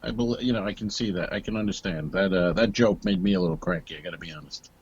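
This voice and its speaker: A man's voice: low-pitched, quick pace, dull audio, a little hiss or hum. A man co-hosting a comedy podcast, teasing and sarcastic, chatting casually over a remote call. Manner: teasing, sarcastic, laughs often. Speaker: podcast co-host.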